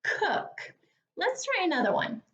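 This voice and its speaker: A woman teacher leading a phonics lesson for young children, speaking slowly and clearly with an encouraging tone. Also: very high-pitched, wildly swooping pitch, a bit bright, muffled recording. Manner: slow, clear, encouraging, over-articulated.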